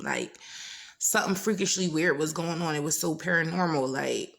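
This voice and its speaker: Woman vlogger telling her testimony, earnest, raspy fry in the voice, repeats stuff, goes hushed sometimes. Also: sits low, normal speed. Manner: earnest, repeats phrases for emphasis; drops into hushed whispers at times. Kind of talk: personal testimony.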